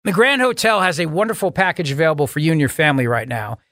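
A man hosting a talk radio show, delivering a sarcastic, mocking, animated monologue to his listeners. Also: on the high side, fast talker, no echo, studio quality. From Italian heritage, US.

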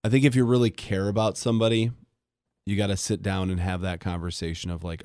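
A man's voice: sits low, level tone, fast talker, darkish tone, no room sound, clean studio sound. A man talking earnestly and plainly in a casual podcast chat.

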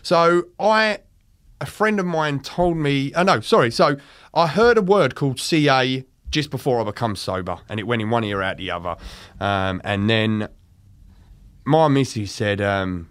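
A man's voice: on the low side, moderate pace, fairly bright tone. A young British man telling a candid story in casual chat, swearing freely. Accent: British English. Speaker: podcast guest.

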